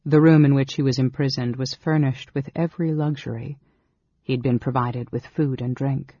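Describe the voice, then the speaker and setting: A man narrating a fantasy audiobook in a measured, steady storytelling manner. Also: medium pitch, slightly rough, no echo. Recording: dull lo-fi audiobook recording.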